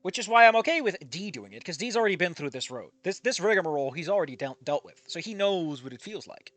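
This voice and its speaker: A man with a slightly nasal tone reads fan fiction into a headset mic, stopping often to ramble and swear about the writing. His voice sits a bit high and swings widely in pitch. He sounds opinionated and loose. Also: sing-song, quick pace, a bit bright, dry recording. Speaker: fanfic reader and commentator. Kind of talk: reading fanfic aloud with commentary.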